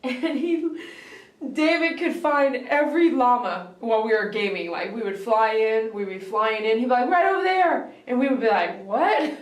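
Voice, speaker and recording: A woman's voice: fairly high pitch, steady tone, moderate pace, roomy sound. A woman hosting a live stream, opening gifts in an emotional, tearful way and laughing often. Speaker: host of a pet grooming channel.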